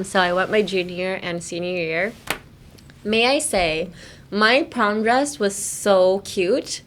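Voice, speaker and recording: A woman's voice: medium pitch, a little slow, a little hiss or hum. Playful giggly young woman. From United States. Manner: playful, giggly, switching between English and Japanese. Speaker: podcast host. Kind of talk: bilingual casual teaching chat.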